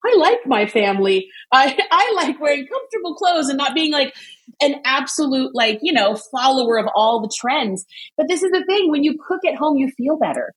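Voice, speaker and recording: A bubbly woman with a fairly high voice, chatting in a relaxed way. She tells stories with quick asides and laughs often. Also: rough recording. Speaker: cooking guest. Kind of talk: casual chat.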